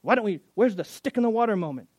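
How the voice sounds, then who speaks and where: A man's voice: high voice, expressive, darkish tone, no echo, pitched above the performer's own voice. A man putting on an incredulous, complaining bitten wanderer. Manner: incredulous, rapid, pleading questions. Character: exasperated bitten Israelite man, skeptical and complaining.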